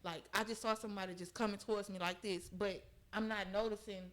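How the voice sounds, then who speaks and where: A woman's voice: mid-range voice, fairly even intonation, quick pace. A young woman, a podcast guest, earnestly recounting a personal story in conversation and often checking in with her listeners.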